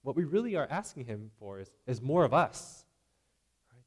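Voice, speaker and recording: A man's voice: medium pitch, very animated, normal speed. Conversational man preaching a sermon. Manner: conversational, repeating "right?" and acting out imagined voices.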